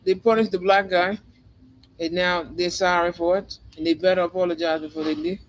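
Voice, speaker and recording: A man's voice: high-pitched, steady tone, a little fast, low-quality recording. A man giving a spiritual tarot reading monologue, rambling and emphatic, repeating phrases again and again. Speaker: tarot reader.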